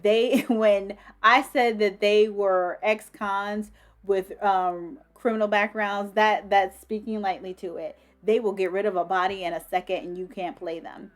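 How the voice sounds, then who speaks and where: A woman giving a casual, enthusiastic book review, swearing freely and filling pauses with ums and restarts. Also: mid-range voice, fairly even intonation. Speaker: book vlogger.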